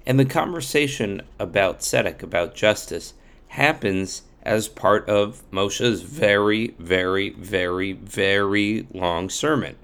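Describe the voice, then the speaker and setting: A man's voice: fairly low pitch, slow, fairly bright tone, clear, resonant tone. A man narrating a children's story in a friendly, explanatory way as the host.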